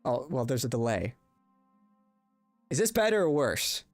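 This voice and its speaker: A man's voice: medium pitch, big pitch swings, measured pace, no echo, faint music behind. A young man hosting a casual livestream, rambling and swearing as he chats with viewers into a desk mic. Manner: rambling, profane, talks to chat. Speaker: livestream host. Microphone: desk microphone with compressor.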